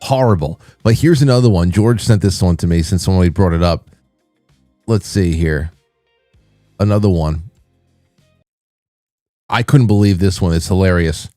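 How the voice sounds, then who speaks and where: Low-voiced guy hosting his show, rambling and wry, dry close sound. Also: normal speed, pauses often, warm tone, no echo, faint music behind. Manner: rambling, wry, restarts mid-sentence. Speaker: podcast host. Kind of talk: casual solo commentary.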